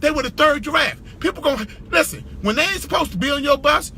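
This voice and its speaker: Male motivational speaker; piercingly bright, high voice, emphatic repetition, punchy shouts. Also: lively intonation, fast talker, slight background noise. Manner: preacher-like call-and-response. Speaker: business speaker. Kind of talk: motivational talk.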